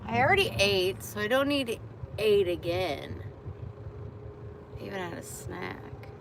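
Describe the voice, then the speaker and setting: A woman's voice: medium pitch, expressive, unhurried, vocal fry, a little hiss or hum. A woman vlogger live-streaming casually from her car, chatty and thankful to viewers.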